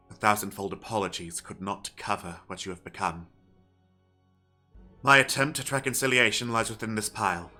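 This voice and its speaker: Bright-voiced man running a tabletop game. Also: on the low side. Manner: reads a letter slowly and softly. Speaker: game master.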